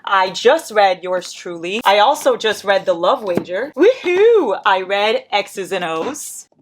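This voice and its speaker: Woman, native Portuguese speaker, casual vlog, chatty, self-mocking, counting aloud, mid pitch, faint background hiss. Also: animated, measured pace. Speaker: book vlogger. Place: at home by her bookshelves.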